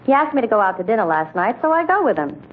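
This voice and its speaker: Sassy high-voiced woman, 1940s radio. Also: big pitch swings, racing, a little hiss or hum. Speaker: guest singer and actress. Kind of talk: 1940s radio comedy banter. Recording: dull 1940s radio recording with loud music.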